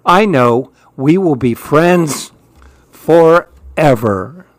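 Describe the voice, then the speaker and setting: A man reading children's storybooks aloud with an expressive, lilting delivery. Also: on the high side, extremely slow, no room sound.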